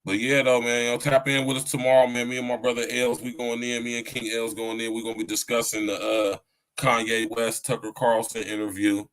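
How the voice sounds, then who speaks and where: A man hosts a relaxed live podcast, chatting straight to his listeners. His talk is loose, slangy and profane, broken up by easy laughter. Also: mid-range voice, a little fast, low-quality recording. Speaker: podcast host. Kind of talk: casual live-stream chat.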